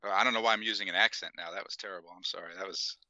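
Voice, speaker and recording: A man's voice: low-pitched, steady tone, racing, pushed and bright, no echo, highs cut off. A slightly tipsy man on a podcast panel, talking loosely and mocking himself. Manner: loose, self-mocking, laughs easily. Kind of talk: casual podcast chat.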